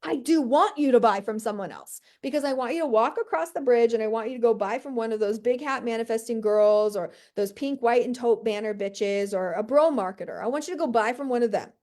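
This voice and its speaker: A woman business coach in a brash, profane, high-energy motivational monologue, full of "like" and "right?". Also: a little fast, hardly any pauses, mellow.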